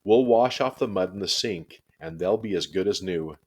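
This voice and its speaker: A man voicing a kind but firm kindergarten teacher who speaks gently. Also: deep voice, normal speed. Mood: soothing.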